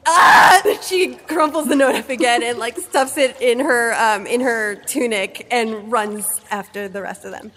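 A woman's voice: fairly high pitch, unhurried, few pauses, long reverb tail. A woman playing a tabletop game, hesitant and describing her character's actions. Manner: hesitant, with many fillers. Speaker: player.

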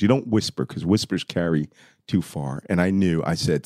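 A middle-aged man telling war stories as a podcast guest, lively and laughing often as he acts out the dialogue. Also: sits low, moderate pace, no room sound, clean studio sound. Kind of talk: animated war storytelling.

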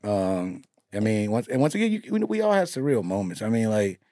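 A man hosting a podcast, telling animated, profane stories in casual chat. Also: lowish voice, brisk, no room sound, studio quality. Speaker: podcast host and comedian.

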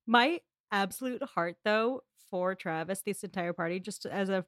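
A woman's voice: medium pitch, normal speed, a bit bright, no echo, clean studio sound. A woman guest on a podcast, chatting casually about a film with fond asides and frequent laughter. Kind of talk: casual chat.

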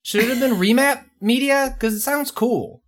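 A podcast co-host chatting casually, joking and laughing easily. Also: mid-range voice. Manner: playful, quick to laugh.

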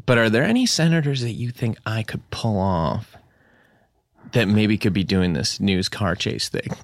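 A man hosting a comedy podcast, deadpan while riffing an improv bit. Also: on the low side, moderate pace, no echo, clean studio sound. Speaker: podcast host.

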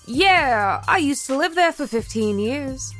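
A woman voicing a gruff, teasing older man neighbor with a growling southern drawl, raised in pitch and energy. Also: expressive, measured pace, a bit bright, faint music behind.

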